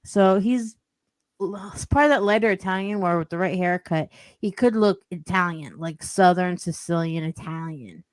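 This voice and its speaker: A woman's voice: fairly low pitch, moderate pace, no room sound. A woman telling a rambling story as a podcast guest, with lots of "like" and "you know". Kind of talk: casual storytelling.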